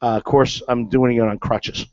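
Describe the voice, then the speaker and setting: This guest, once a catcher in the big leagues, rambles through a story at a moderate pace, full of fillers and false starts. His mid-range voice is a little mellow and barely moves in pitch, captured in a dull, dry, lo-fi recording without echo.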